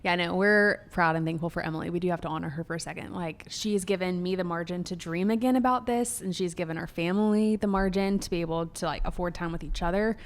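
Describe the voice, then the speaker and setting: A woman's voice: on the low side, quick pace, few pauses. A woman, hosting a casual podcast chat and telling bubbly, upbeat stories. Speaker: podcast host.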